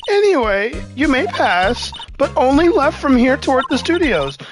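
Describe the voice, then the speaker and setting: Streamer doing a high shrill old guard lady, snooty and scolding, music behind. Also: sing-song, normal speed. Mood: haughty. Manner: haughty, scolding. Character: shrill stuffy older woman security guard.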